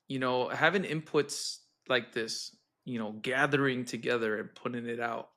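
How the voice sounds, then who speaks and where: A man hosting a casual podcast, enthusiastic and quick to laugh. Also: medium pitch, steady tone, bright, forceful tone. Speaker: podcast host.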